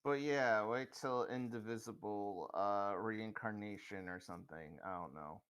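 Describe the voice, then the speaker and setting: A man's voice: lowish voice, fairly bright tone, smooth. A young man chatting on a stream with a friend, swearing freely and joking around. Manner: slow, swears a lot. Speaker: co-host friend. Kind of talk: casual chat on stream.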